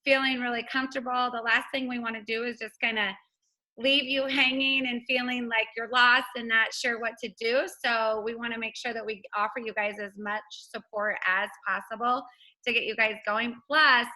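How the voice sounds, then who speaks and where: A woman's voice: on the high side, fairly even intonation, moderate pace, bright, forceful tone, low-quality recording. A woman hosting a casual team video call, chatty and upbeat, laughing often.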